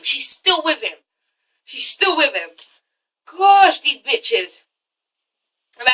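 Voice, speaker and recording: A young woman with a high, very bright voice rants through a casual TV review vlog. She is blunt, exasperated and swears freely. Her voice sits a little far from the mic. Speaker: YouTube reality-TV reviewer.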